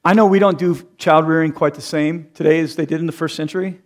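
A man's voice: a little high, steady tone, fast. A man in his thirties preaching a sermon, who acts out quoted voices and laughs at his own jokes. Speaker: pastor.

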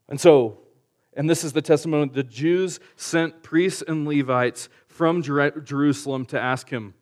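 A male pastor preaching in a relaxed, conversational way, using slang and asking the audience rhetorical questions. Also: a little high, a little slow. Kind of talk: conversational sermon.

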